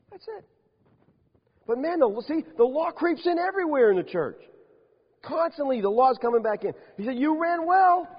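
A man in a church sanctuary delivers an animated sermon, his pitch swinging widely as he stresses each point. His voice is a touch husky and sits on the higher side. The recording is dull and lo-fi, with long reverb hanging in the hall. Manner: animated, emphatic preaching with rhetorical questions. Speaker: pastor.

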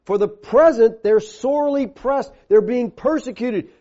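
A male preacher gives an emphatic sermon, leaning hard on key words in a voice that is high yet mellow and dark in tone. When quoting scripture, he drops lower and slows down. The recording sounds dull and lo-fi.

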